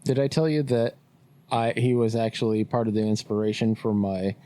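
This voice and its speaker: A man co-hosting a podcast, telling stories in a relaxed way and laughing often. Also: lowish voice, moderate pace. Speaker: podcast co-host. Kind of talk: casual chat.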